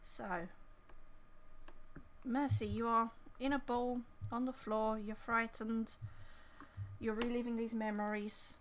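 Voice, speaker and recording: A woman's voice: on the high side, flat delivery, slow pace, pauses often, a little hiss or hum. A woman running a tabletop game as game master, narrating with many fillers and hesitations.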